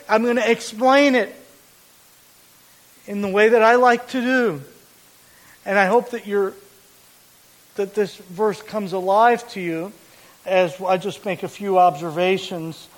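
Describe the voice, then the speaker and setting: Man preaching, very high voice, slow deliberate delivery, repeats points for emphasis. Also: rough recording. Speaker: pastor. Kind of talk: sermon.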